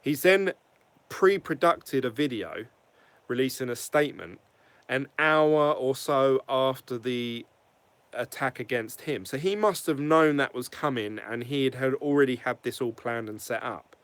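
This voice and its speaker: A man talks straight to camera in a casual opinion vlog. He rambles, restarts and swears freely, and he says what he thinks bluntly. His voice sits at a middling pitch. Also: animated, unhurried, fairly bright tone, dry recording. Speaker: crypto vlogger.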